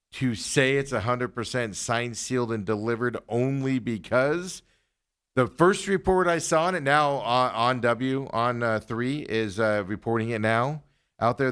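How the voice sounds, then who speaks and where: A man's voice: mid-range voice, a little slow, fairly bright tone, clean tone. A man hosting a casual sports talk show, rambling and trailing off as he talks. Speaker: podcast host.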